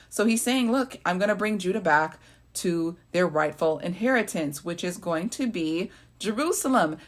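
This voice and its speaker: A woman's voice: mid-range voice, animated, normal speed. A woman leading a Bible study, reading scripture aloud and explaining it, often checking in with "right?". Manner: reads verses then explains them, often adds "right?".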